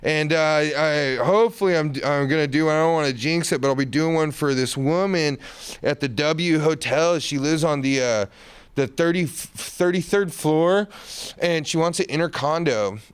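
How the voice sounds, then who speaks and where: A man's voice: a little high, moderate pace, smooth. A man, a musician and painter, telling rambling stories in a casual interview, heavy on slang and laughter. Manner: rambling, laid-back, lots of slang and laughter.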